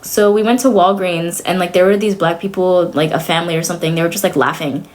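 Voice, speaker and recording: A woman's voice: fairly low pitch, fast talker. A young adult woman streamer chatting casually to her viewers, blunt and sarcastic, swearing freely.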